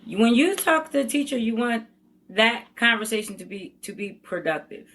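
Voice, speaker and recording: An older woman educator talks straight and without sugarcoating, with a bright, forceful tone. She laughs easily as she makes her points in a relaxed interview. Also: a little high, moderate pace. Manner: blunt, frank, laughs easily. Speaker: veteran educator, podcast guest. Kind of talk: candid interview talk.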